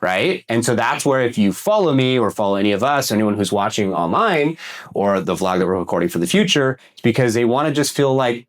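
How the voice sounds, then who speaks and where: A man giving a casual, energetic workshop talk on real estate marketing, asking the audience questions and swearing now and then. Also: mid-range voice, a little fast. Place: room with a live audience.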